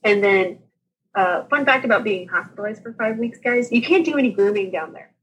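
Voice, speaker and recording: Chatty woman telling a lively story. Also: mid-range voice, fairly quick, dull audio, a little hiss or hum. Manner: animated, laughs often, acts out quoted people. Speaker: podcast guest sharing her birth story. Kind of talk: casual storytelling chat.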